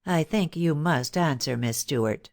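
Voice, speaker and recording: A woman reading an audiobook, voicing a calm male detective who speaks in a grave, measured way. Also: deep voice. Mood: gentle.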